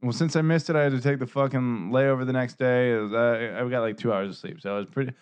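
A man's voice: medium pitch, fairly even intonation, fast, clear, resonant tone, dull audio. A man co-hosting a casual sports podcast, teasing his partner, laughing often and swearing. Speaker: podcast co-host.

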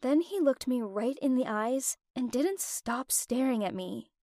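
High-voiced young woman narrating a story. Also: unhurried, no echo, studio quality. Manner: emotional, expressive storytelling. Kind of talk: first-person story narration.

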